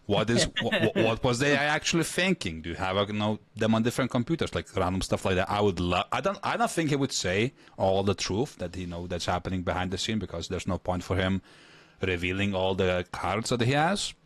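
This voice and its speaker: A man's voice: sits low, lively intonation, a little fast, no echo. A man casually chatting and reacting as a streamer, rambling and laughing often.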